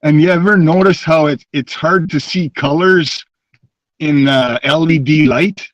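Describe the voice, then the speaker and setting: A man's voice: fairly high pitch, measured pace, dry recording. A man in a casual group chat ranting with exasperated complaints. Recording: dry, dull lo-fi sound.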